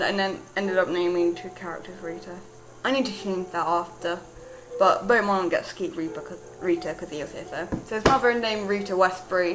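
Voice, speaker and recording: A woman's voice: lowish voice, a bit bright, poor audio. A young woman with a British accent, rambling casually about a character she writes, with lots of fillers and restarts. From Britain. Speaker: writer discussing her character.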